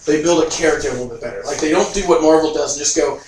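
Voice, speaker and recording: Man, podcast co-host, casual chat, quick laughs, roomy echo, distant mic, faint hiss. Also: a little high. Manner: laughs often, riffs with mock quotes. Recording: very echoey room, far from mic.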